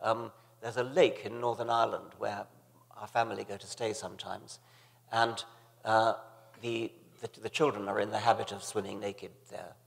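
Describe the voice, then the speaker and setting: An older man telling anecdotes as a guest on a stage, halting and dryly humorous, with many restarts. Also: lowish voice, level tone, vocal fry. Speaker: guest author. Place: stage in a large hall, live audience. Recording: reverberant hall with audience.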